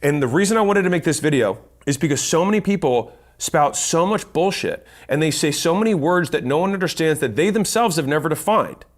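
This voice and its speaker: A man's voice: on the high side, lively intonation, a little fast, hardly any pauses. A man giving a blunt instructional talk on sales, counting points off and swearing casually. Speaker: business speaker teaching sales. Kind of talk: instructional monologue.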